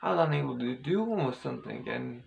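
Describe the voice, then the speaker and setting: Guy with a gravelly voice rambling thru a story to camera, lots of ums and restarts. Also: medium pitch, lively intonation, quick pace, slight background noise, rough recording. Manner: rambling, hesitant, many restarts and fillers. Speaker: vlogger.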